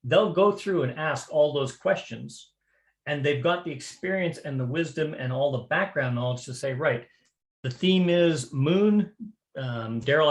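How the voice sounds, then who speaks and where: A man's voice: medium pitch, creaky. Man teaching in an echoey room. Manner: conversational, repeats words while explaining. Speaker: square dance calling instructor. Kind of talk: online class teaching.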